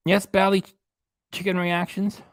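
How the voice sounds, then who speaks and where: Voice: medium pitch, little pitch movement, normal speed, no room sound. A casual, chatty livestream host talks straight to viewers, thanking them by name and reading comments aloud. The sound is close and dry, with no room around it.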